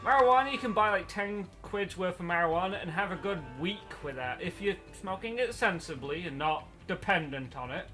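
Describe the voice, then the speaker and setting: A man's voice: high-pitched, animated, fairly quick, few pauses, bright, forceful tone, soft background music. A man chatting casually while playing a video game, rambling through stories and laughing often. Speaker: let's play host. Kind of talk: casual chat while gaming.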